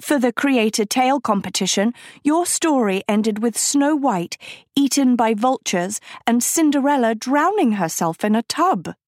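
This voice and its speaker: A woman voicing a bright, eager teenage girl who is earnest and proud, in a storybook reading. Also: on the high side, animated, unhurried, no echo, clean studio sound, pitched above the performer's own voice.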